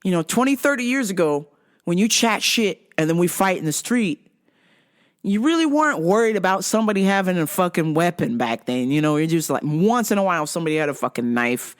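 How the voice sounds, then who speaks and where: A woman's voice: fairly low pitch, a little fast. A middle-aged woman vlog host telling a story casually, with lots of swearing, who acts out what people said. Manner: animated, profane, acts out quotes.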